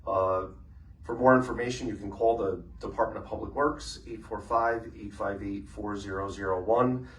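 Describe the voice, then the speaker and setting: Brisk man chairing a council meeting. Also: on the low side, fairly even intonation, fairly bright tone. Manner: brisk, businesslike, with casual fillers. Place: city council chamber. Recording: echoey chamber from far off, faint noise.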